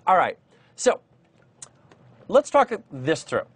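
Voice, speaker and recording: Male coding instructor, live-stream lesson, animated pitch, dry close sound, chatty with lots of ums. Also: slow, husky, dry recording. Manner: chatty, with many fillers and restarts. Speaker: programming instructor.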